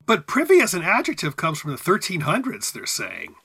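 Chatty guy, bright voice, swoops up and down a lot, reading word facts to his cohosts. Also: high voice, wildly swooping pitch, fairly quick, creaky, breathy edge. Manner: chatty, reads facts aloud and muses on them. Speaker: podcast co-host. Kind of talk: casual chat.

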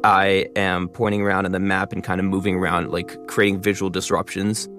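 A man in his twenties, a linguist and content creator, explaining his work in a quick, animated way in an interview. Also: low voice, music in the background. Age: 20s. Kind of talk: interview answers.

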